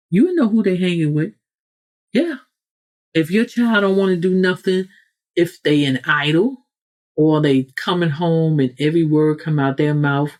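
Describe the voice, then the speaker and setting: A woman's voice: low voice, a little mellow. A woman hosting a motivational podcast, preaching with many rhetorical questions and acting out quoted people in raised voices. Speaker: podcast host. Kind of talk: motivational talk.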